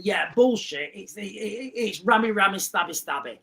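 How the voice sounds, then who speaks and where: Brief: male livestream host, casual chat reading viewer comments, blunt and rambling, voice on the high side. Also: animated, a little slow, gravelly, pushed and bright.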